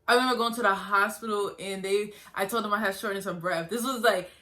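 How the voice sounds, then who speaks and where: Earnest young woman with a bright voice. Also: mid-range voice, steady tone, fast talker. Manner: earnest, conversational, repeats herself. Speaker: vlogger. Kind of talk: personal storytelling vlog.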